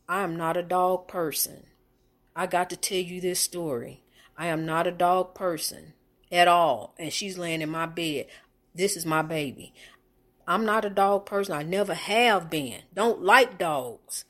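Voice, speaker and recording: Emotional middle-aged woman telling a faith story. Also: lowish voice. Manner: emotional, repetitive, preachy. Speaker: faith vlogger. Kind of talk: heartfelt personal storytelling.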